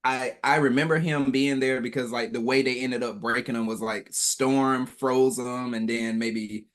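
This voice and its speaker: A man's voice: mid-range voice, steady tone, measured pace, fairly bright tone. A man in casual podcast chat, rambling as he tries to recall details. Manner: rambling, hesitant recall with many "like"s.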